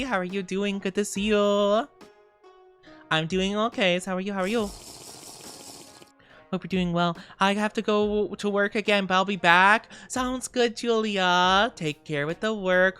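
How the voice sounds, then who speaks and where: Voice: medium pitch, fairly even intonation, measured pace, a bit bright, soft background music. A VTuber streamer in a casual, playful livestream chat, greeting viewers and rambling with giggles and fillers.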